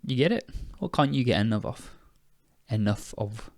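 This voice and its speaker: This young man from the United Kingdom hosts an English-learning podcast and teaches English; he sounds tired but stays casual and chatty, often correcting himself and laughing at himself. His lowish voice is gravelly and a touch mellow, with lively intonation at a moderate pace. It's studio-quality audio without echo.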